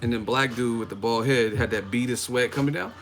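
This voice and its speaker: A Northern California man with a medium-pitched voice hosts a boxing livestream, speaking a little fast. He talks casually, joking and rambling with frequent laughs, while music plays in the background.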